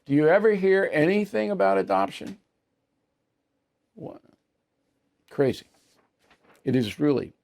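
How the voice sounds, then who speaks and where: A man's voice: on the high side, very animated, a little slow, vocal fry, pauses often, darkish tone. A man in his seventies with an American accent, hosting a news commentary show and answering viewer mail in a blunt, emphatic, dismissive way. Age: 70s.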